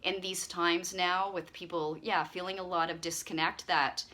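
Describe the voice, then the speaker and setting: A woman who hosts her own channel chats casually to camera, rambling in a friendly, warm-hearted way with lots of fillers. Her voice is fairly low, with little pitch movement and a moderate pace.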